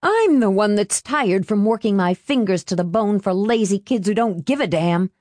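A woman voicing a furious, worn-out middle-aged working mother who shouts in shrill rage. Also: expressive, moderate pace, no echo, lightly acted. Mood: bitter, furious.

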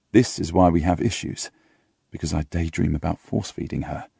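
Gravelly, husky male storyteller. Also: low-pitched, mellow, dry recording, clean studio sound. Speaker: audiobook reader. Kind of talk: first-person novel narration.

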